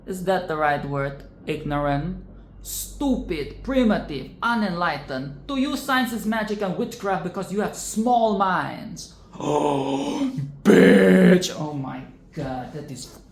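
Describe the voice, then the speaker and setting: Sassy low-voiced woman ranting about a film. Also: lively intonation, unhurried. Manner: sassy, swears freely, exclaims and rants. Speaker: film reaction commentator. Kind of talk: casual film commentary. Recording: echoey room with faint noise.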